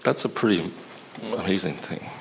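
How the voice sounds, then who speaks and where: A man preaching a sermon in a conversational, halting way, often restarting his sentences. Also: sits low, creaky, background noise.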